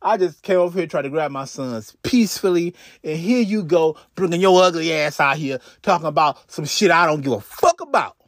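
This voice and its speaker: A man's voice: on the high side, fairly quick, hardly any pauses, no echo, studio quality, close to an everyday voice. A man quoting a weary, exasperated father who curses while pushing back in an argument. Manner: exasperated, profane.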